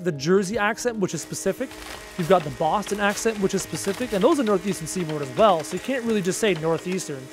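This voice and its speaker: A young Canadian man with a Canadian accent, chatting casually on a gaming livestream, thinking aloud and answering viewer comments. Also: high voice. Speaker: livestream gamer.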